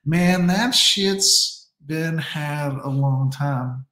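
A man's voice: fairly high pitch, bright, forceful tone, reverberant. A man delivering a profane, emphatic rant in a casual monologue. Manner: profane, ranting, slow and emphatic.

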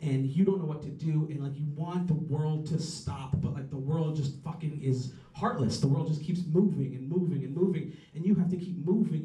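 A man doing a rambling, profane stand-up set with dark jokes. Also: on the high side, echoey room, distant mic, poor audio. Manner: rambling, profane, darkly joking. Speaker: stand-up comedian.

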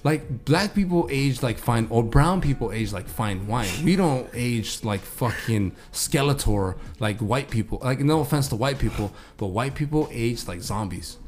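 A man's voice: mid-range voice, expressive, moderate pace, hardly any pauses. A man in his twenties hosting a podcast, joking and rambling with friends. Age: 20s. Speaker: podcast host. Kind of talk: casual chat.

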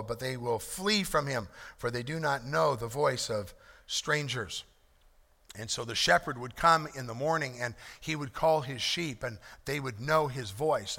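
A male pastor delivers an earnest sermon with a bright, forceful edge and a gravelly texture. He drives home his points through emphatic repetition. His voice carries the long reverb of a large hall. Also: medium pitch.

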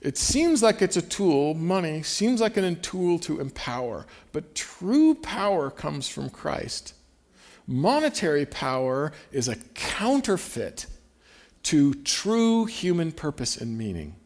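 A man's voice: fairly high pitch, big pitch swings, slow pace, darkish tone. A man preaching a sermon, talking conversationally and emphatically, stopping to read scripture aloud. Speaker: pastor.

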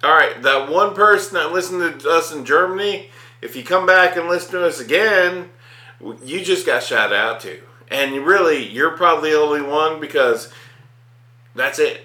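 A man hosting a horror podcast in casual chat, excitable, profane and jokey. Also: a little high, moderate pace. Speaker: podcast host. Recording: roomy echo with faint noise.

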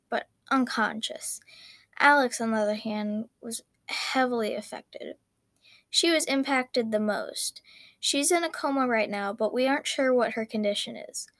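A woman voicing a calm hospital doctor who gives bad news in a measured, sighing, hesitant way, read from a storybook. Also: fairly high pitch, dry recording, lightly acted.

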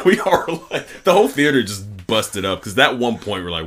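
Young male co-host, lower voice, expressive, bright, quick deadpan asides. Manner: dry quips and laughing reactions. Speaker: podcast co-host. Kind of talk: casual chat.

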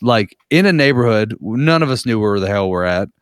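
A man's voice: fairly low pitch, lively intonation, normal speed, smooth, no room sound, studio quality. A man casually telling a rambling, profane story, with lots of filler words.

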